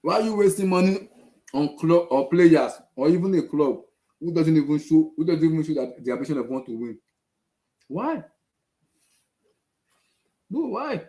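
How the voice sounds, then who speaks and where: Speaking briskly in a warm voice on the high side, a football fan show host vents in a casual rant. He's exasperated and goes over the same points again and again. The recording has an echoey room sound.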